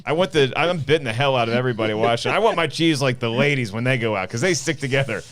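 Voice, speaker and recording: A man's voice: medium pitch, expressive, fast talker, a bit bright. A man hosting a casual podcast, joking and riffing with comic comparisons. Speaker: podcast host.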